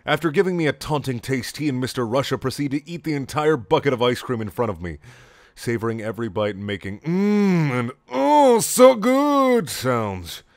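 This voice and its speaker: A young man reading a comedic story aloud in clipped, deadpan lines with sudden loud outbursts. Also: medium pitch, fast talker, no echo, studio quality.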